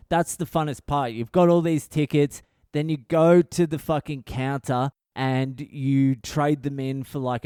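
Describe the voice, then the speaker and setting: Aussie comic, 30s, swearing storyteller, warm and smooth tone, dry close mic. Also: male voice, fairly high pitch, no echo. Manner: swears constantly, rambling and exasperated. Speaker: comedian podcast host.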